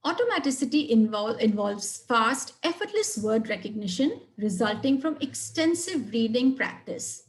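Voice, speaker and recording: A woman presenting a webinar on reading fluency, explaining in a clear, measured way and stressing words in her example sentences. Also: fairly high pitch, lively intonation. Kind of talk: webinar lecture.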